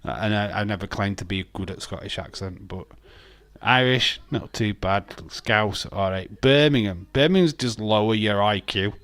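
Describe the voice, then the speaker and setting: In a dry recording, a man with a low-leaning, fairly bright voice speaks at a moderate pace. Chatting on a wrestling watch-along stream, he rambles bluntly, repeats words, and laughs often.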